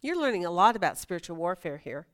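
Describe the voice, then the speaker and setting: A woman's voice: fairly low pitch, sing-song, fast talker, fairly bright tone. A woman teaching a Bible study class, chatty and emphatic, asking her students questions.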